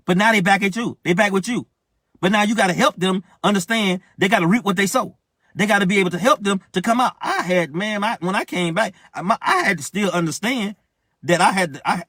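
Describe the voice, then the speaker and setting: Male minister, emphatic colloquial preacher with a fairly high voice, dry studio-like recording. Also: fairly bright tone, breathy edge, no echo. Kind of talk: preaching on marriage.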